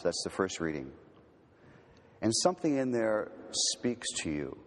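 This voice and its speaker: A man with a fairly low voice gives a teaching talk on prayer at a reflective, unhurried pace. He eases into softer, slower delivery on the words he wants to land. His voice rings out with a long hall reverb. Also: sing-song. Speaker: retreat speaker.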